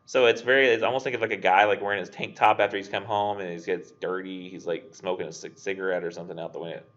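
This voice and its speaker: A man's voice: sits low, steady tone, fast, a bit bright, muffled recording. A young man teaching a literature class in a casual, chatty way, full of fillers and acted-out quotes. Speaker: English instructor. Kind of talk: casual recorded literature lecture.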